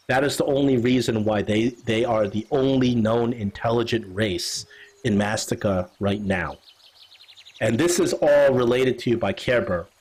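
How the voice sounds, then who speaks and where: A husky-voiced man runs a tabletop game, narrating at a middle pitch. He rambles, stopping and restarting with lots of fillers. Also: darkish tone, rough recording. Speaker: game master.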